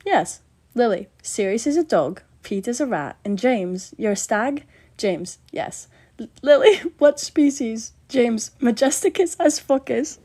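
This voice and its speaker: A woman's voice: medium pitch, darkish tone. A woman doing a put-on British accent, reading fan posts aloud for comedy and naming each speaker before their line. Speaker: content creator.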